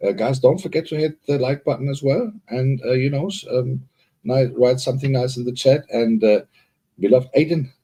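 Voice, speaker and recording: A man's voice: mid-range voice, moderate pace, dark tone. A man co-hosting a live online party, chatting loosely with many fillers and greeting viewers as they arrive. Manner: rambling, filler-heavy, upbeat greeting of viewers. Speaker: co-host. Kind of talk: live-stream hosting chat.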